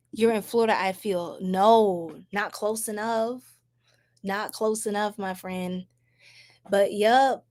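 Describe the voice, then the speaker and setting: A young woman from New York with a New York accent, chatting casually and animatedly with her livestream audience in slangy, laugh-filled talk. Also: medium pitch. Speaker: tarot reader livestream host.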